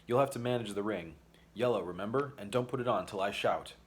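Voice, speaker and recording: A man's voice: lowish voice, a little fast, close to an everyday voice. A plucky, determined schoolboy from a storybook, as a man voices him. He sounds eager, speaks in old-fashioned slang, and stays close to the reader's own voice. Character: plucky, determined young boy.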